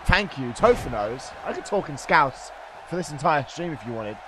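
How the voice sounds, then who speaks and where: A man with a sore, strained throat doing live play-by-play commentary on a stream. He chats with viewers between calls and shouts at the big moments. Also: mid-range voice, big pitch swings, normal speed, crowd noise. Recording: noisy stream recording.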